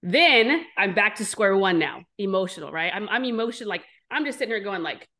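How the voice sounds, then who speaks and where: A woman speaking as an interview guest, blunt and animated, with a mid-range voice. She tells her story candidly and swears freely as she talks. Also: medium pitch, fairly quick, few pauses. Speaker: entrepreneur guest.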